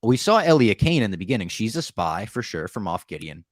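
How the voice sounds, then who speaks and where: A man co-hosting a podcast, casually recapping a TV episode in an animated way with some laughter. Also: fairly low pitch, fairly quick, no room sound, clean studio sound. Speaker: podcast co-host. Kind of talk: casual show recap chat.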